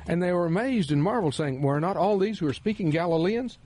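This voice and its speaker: A man with a Texan drawl teaches scripture on the radio, preaching earnestly and with emphasis. His voice swoops up and down with lively pitch, and its tone is warm and a little husky. The studio sound is close and dry. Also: fast. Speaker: radio Bible teacher and host.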